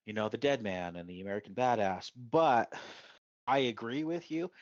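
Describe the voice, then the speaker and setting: A man's voice: on the low side, dry recording, lo-fi sound. A man co-hosting a casual wrestling chat, rambling with lots of fillers and restarts. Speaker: podcast co-host.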